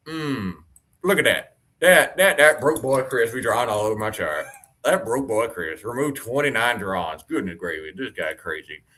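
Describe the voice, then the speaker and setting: A man's voice: medium pitch, animated, moderate pace, pushed and bright. A man co-hosting an investing show, joking over stock charts in a teasing, mock-brash slang voice.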